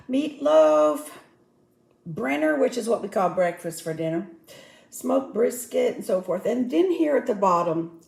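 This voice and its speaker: A woman's voice: on the high side, vocal fry, roomy sound. A woman with a Southern accent hosting her own channel, chatting heartfelt and folksy to her viewers. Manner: folksy, heartfelt, often says y'all. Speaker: host of a home budgeting channel. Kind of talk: casual chat to viewers.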